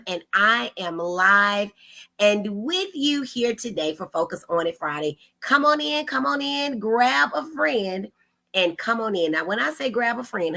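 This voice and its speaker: A woman hosting a casual livestream, warmly greeting her viewers by name and calling them honey and girl. Her voice has a gravelly edge and sits at a middle pitch. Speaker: livestream host.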